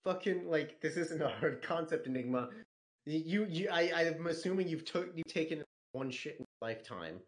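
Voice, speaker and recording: A man's voice: on the high side, lively intonation, normal speed. Crude, laughing podcast host man. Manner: crude, laughing, reads listener questions. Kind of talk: casual podcast chat.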